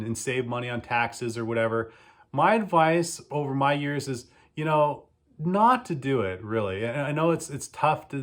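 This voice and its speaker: Middle-aged male business owner, casual and lively, acts out the dialogue in his stories, average pitch. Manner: animated storytelling, acts out quoted exchanges. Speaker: lawn care business owner. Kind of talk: casual advice talk.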